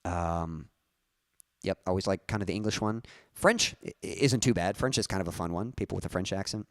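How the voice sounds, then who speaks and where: A man's voice: low-pitched, a little fast, darkish tone, no echo, clean studio sound. A young man chatting casually on his music live stream, rambling and correcting himself with small chuckles.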